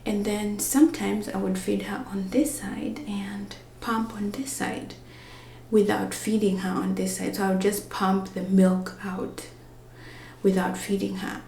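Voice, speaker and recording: A woman's voice: mid-range voice, steady tone, unhurried, creaky, mellow, reverberant, slight background noise. Chatty woman, half whispering. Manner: often whispering to avoid waking a napping baby; rambling, chatty, with many fillers. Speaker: vlogger. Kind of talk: casual vlog.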